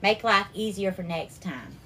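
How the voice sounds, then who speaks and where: A woman hosting a live cooking stream, warmly greeting viewers by name and calling them darling and sweetheart. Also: medium pitch, expressive, unhurried, slight background noise. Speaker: cooking livestream host.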